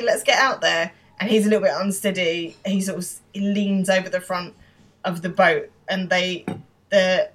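A woman co-hosting a podcast, giving a casual, animated recap of a TV episode and laughing often. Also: lowish voice. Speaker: podcast co-host.

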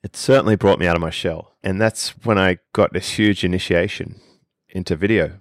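A man's voice: low voice, fairly even intonation, brisk, no echo, clean studio sound. A man with an Australian accent, a podcast guest explaining things with enthusiasm in casual conversation.

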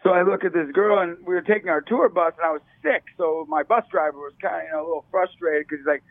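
A man telling motivational stories as an interview guest, energetic and excitable. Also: on the high side, fast. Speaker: ministry leader, interview guest. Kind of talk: motivational storytelling. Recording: tinny dry phone line.

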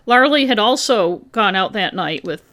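Woman podcast host reading her true crime script, chatty asides, mid pitch. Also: animated, normal speed, fairly bright tone. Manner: reads a researched script with asides.

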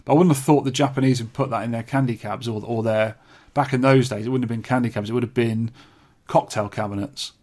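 Offhand English man, mid-pitched. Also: steady tone, quick pace, darkish tone. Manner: rambling, dry, offhand, restarts often. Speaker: podcast co-host. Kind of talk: casual chat about arcade hardware.

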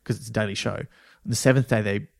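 A man's voice: on the low side, steady tone, fast talker, gravelly, dry recording, clean studio sound. A man co-hosting a podcast, chatting casually and rambling a bit with fillers. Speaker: podcast co-host, writer of a radio series.

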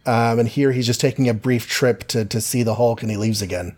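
A man in casual chat, playfully summarizing comic book plots with quick asides and filler. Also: medium pitch, steady tone, a little mellow. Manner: playful, summarizes plots with goofy quoted voices. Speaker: podcast co-host.

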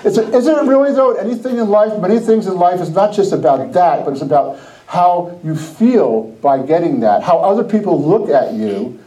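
Animated storytelling man, high and mellow. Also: normal speed, few pauses, low-quality recording. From New Jersey. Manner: animated, laughing, acts out quoted dialogue. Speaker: podcast host. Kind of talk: casual storytelling on a Christian podcast.

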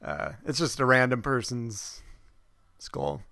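Male co-host, gravelly and halting, dry booth sound. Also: mid-range voice, big pitch swings, pushed and bright, dry recording. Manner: hesitant, many "uh"s. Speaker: podcast co-host. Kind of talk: casual live chat.

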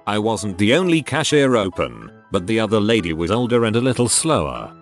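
Male narrator, low and expressive, reads forum stories with his own asides. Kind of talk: reading forum stories aloud. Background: faint background music.

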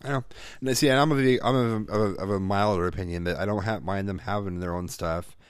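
A man in his thirties, a parent, telling a profane, animated story in casual chat. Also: fairly low pitch, fast, clean tone, no echo.

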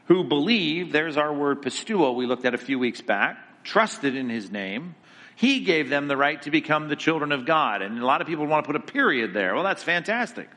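Man teaching a theology lecture, bright forceful voice, emphatic, conversational, hall reverb. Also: fairly high pitch, big pitch swings, moderate pace. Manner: emphatic, conversational, asks the class questions. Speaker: Bible teacher.

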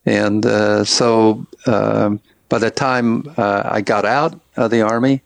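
Older man, gravelly low voice. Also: level tone, dry recording. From Tennessee. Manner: halting, many fillers and restarts, chuckles. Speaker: author guest. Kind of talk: casual interview storytelling.

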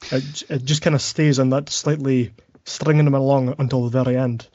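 A man's voice: mid-range voice, flat delivery, normal speed, a little mellow, no room sound. A man on a podcast panel, laid-back and joking. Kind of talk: casual discussion. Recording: dull dry lo-fi sound.

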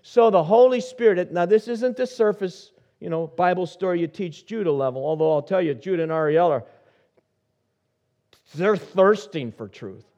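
A middle-aged man preaches as senior pastor, his voice sitting a little high. He tells stories in quiet asides and then builds to emphatic points. The recording is muffled and lo-fi. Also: moderate pace. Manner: storytelling, shifting from soft asides to rising emphasis. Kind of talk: sermon.

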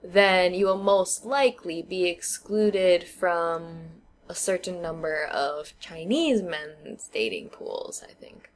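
A woman co-hosting a casual podcast chat, explaining her views at length with thoughtful pauses and fillers. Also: fairly low pitch. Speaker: podcast co-host. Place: living in China.

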